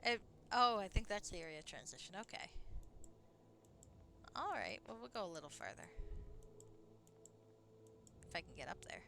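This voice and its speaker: A woman's voice: mid-range voice, big pitch swings, normal speed, gravelly, long pauses, pushed and bright, a little hiss or hum. A woman streaming a game live, chatting casually in a rambling way and swearing now and then. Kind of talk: casual live gameplay commentary.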